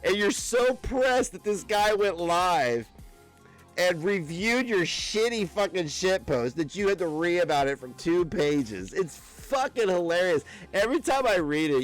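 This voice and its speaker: A man streaming live, ranting at his critics with heavy swearing and a mocking, combative manner. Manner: profane, combative, mocking, with bursts of high laughter. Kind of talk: angry live-stream rant.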